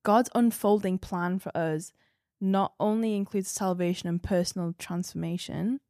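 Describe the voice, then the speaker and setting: A woman sharing earnest, reflective thoughts in a casual devotional discussion, often drifting softer. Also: lowish voice, moderate pace, no echo, clean studio sound. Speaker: Bible discussion participant.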